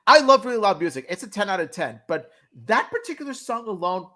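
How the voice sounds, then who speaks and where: A man with a slightly higher voice co-hosts a cartoon review stream. He chats loosely and gives firm opinions, and his talk is full of fillers. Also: sing-song, fast talker, bright, forceful tone. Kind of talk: casual review chat.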